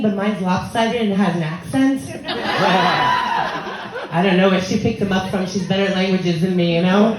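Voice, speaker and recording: An American woman in her thirties performing a bawdy, conversational stand-up set on a comedy club stage, acting out the people in her stories. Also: medium pitch. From United States. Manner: bawdy, conversational, acts out quoted voices. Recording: echoey club room with crowd laughter. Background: audience laughter.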